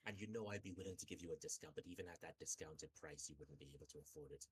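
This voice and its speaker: A man voicing a cagey, guarded male merchant who talks in a measured, politely dismissive way in a tabletop game. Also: a bass voice, pitched below the performer's own voice, low-quality recording. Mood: smug.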